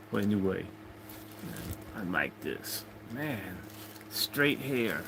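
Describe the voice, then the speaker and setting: A man's voice: fairly low pitch, big pitch swings, slow, vocal fry, background noise. A man hosting a casual livestream, rambling and joking as he reads out viewer comments. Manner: rambling, jokey, chatting to viewers. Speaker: livestream host.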